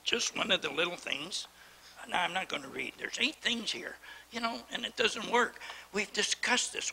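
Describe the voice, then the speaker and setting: A middle-aged mayor at a council desk mic, indignant and lecturing. His voice is high for a man, gravelly and piercingly bright. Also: low-quality recording. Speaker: mayor chairing a council meeting. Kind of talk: heated council debate. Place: town council chamber.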